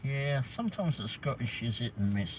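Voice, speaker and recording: A man's voice: medium pitch, big pitch swings, a little fast. A man hosting a livestream, chatting in a rambling, casual way with some mild swearing. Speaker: livestream host. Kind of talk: casual chat. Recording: tinny phone-like sound from a distance, faint noise.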